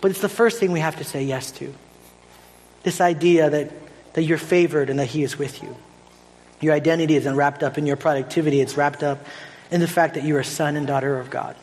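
Pastor, male, 30s, chatty animated sermon, higher voice, hall reverb. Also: brisk. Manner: conversational, animated, tags lines with "right?".

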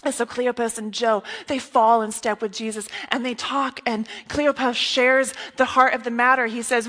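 Woman giving a sermon, kinda high voice, soft and earnest, lots of hall reverb. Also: little pitch movement, normal speed, hardly any pauses. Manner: earnest, soft and intimate, often dropping to a hush. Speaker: preacher.

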